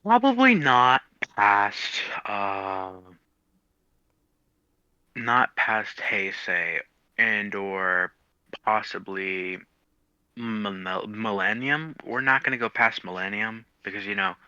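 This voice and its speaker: Bright, tense man on a dull line. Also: on the low side, animated, slow pace, clear, resonant tone, no echo. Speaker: guest. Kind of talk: casual chat.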